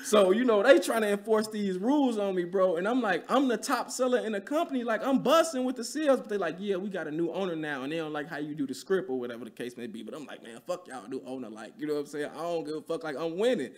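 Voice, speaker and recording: A man in his thirties, a podcast guest, telling a story in a casual, animated way, full of slang and profanity. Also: high-pitched, fast, hardly any pauses. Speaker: podcast guest, real estate investor.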